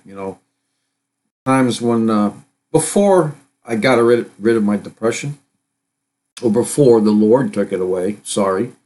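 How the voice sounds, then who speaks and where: A middle-aged man talking at a medium pitch, hosting a live stream. He reads headlines aloud and drifts into loose commentary, stopping and restarting his sentences with plenty of fillers. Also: a little mellow. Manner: rambling, halting, many fillers and restarts. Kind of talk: casual commentary reading news.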